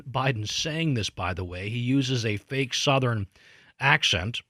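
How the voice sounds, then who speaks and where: Man, political talk host, lowish voice, emphatic and indignant, dry close sound. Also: pushed and bright, no room sound. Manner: indignant, emphatic, with frequent fillers and restarts. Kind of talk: opinion commentary monologue.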